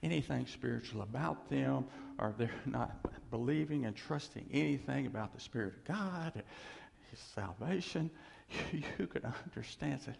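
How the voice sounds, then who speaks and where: A male preacher delivering a sermon, swinging from loud emphasis to hushed near-whispers and acting out quoted voices. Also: mid-range voice, animated, normal speed, creaky. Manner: acts out voices of doubters and God in quotes. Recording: long hall reverb.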